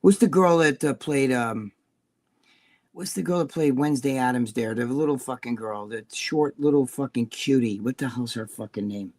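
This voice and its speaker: A man's voice: mid-range voice, moderate pace, a little mellow. A man chatting as a livestream guest, telling rambling stories and swearing freely. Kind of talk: casual livestream chat.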